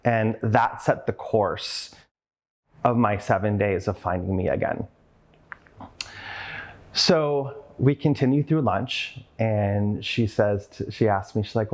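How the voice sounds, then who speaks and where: A conference speaker gives a motivational talk in an expressive, medium-pitched voice at normal speed. He tells a personal story earnestly and with open emotion, acting out the voices of the people in it.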